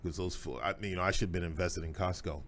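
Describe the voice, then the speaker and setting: A middle-aged man hosts a podcast conversation, his voice sitting very low. He tells his stories in a folksy, emphatic way. A faint hiss runs under the recording. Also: fairly even intonation, rapid-fire, a bit bright. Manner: folksy, emphatic, proud father telling stories. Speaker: host.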